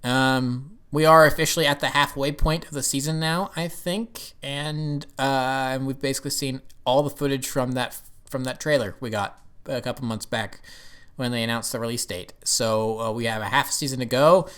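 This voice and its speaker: A man's voice: medium pitch, fairly even intonation, normal speed, fairly bright tone, clean tone. Rambling casual male reviewer. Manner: rambling, full of fillers and restarts. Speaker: TV show reviewer.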